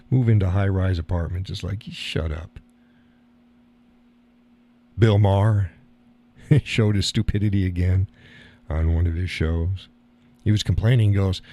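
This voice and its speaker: A man's voice: sits low, warm tone. A man hosting a live stream, talking casually and rambling, chuckling at his own remarks.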